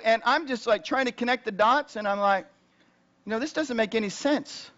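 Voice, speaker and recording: High-voiced male pastor preaching. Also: a little fast, dull audio. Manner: conversational, rising loud and high when retelling tense moments. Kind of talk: sermon with personal storytelling.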